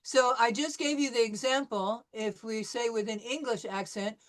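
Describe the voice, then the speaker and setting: A woman with a slightly high voice leads a language class and walks through pronunciation step by step. She explains patiently and keeps checking that her students follow along. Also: moderate pace. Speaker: French teacher. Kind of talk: online language class lecture.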